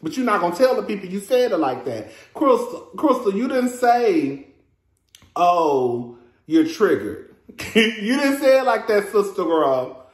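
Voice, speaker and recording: Hosting a casual review vlog, a Texan man who reviews reality TV talks at normal speed in a high voice with big pitch swings, and the room sounds echoey. He's sassy and chatty, calls listeners "girl," and laughs a lot.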